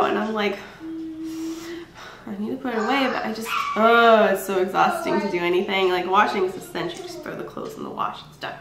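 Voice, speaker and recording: Tired chatty woman, echoey room. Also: a little high. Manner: chatty and candid, with frequent ums and laughs. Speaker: vlogger. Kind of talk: casual pregnancy vlog. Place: home room.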